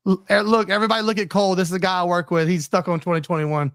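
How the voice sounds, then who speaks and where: An excitable male podcast co-host with a notably high voice, laughing his way through stories. The recording is dry and close. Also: very fast, clean tone, no echo. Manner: laughs often, excitable storyteller. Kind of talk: casual podcast chat.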